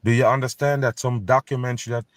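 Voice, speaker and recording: A man's voice: medium pitch, fairly even intonation, fast talker, no echo, clean studio sound. A man hosting a video in which he reacts to news clips. He talks in an emphatic, scornful tone and keeps telling his viewers to pay attention. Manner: scornful, conspiratorial. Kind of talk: casual commentary.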